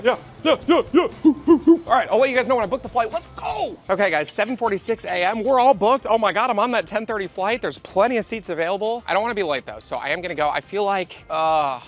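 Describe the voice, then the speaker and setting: A man with a high voice talks fast into a handheld camera. He sounds excitable, piles up exclamations and thinks out loud as he vlogs. He seems to be outdoors on a rainy street. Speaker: vlogger playing a travel hide-and-seek game. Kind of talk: excited vlog narration to camera.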